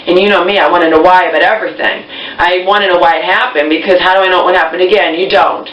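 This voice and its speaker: A woman's voice: fairly low pitch, steady tone, fast talker. Rambly woman vlogging, swears a lot, keeps saying okay?, roomy muffled sound from a ways off the mic. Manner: chatty, digressive, swears casually, keeps asking "okay?". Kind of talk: rambling storytelling to camera. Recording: echoey muffled room audio from a distant mic.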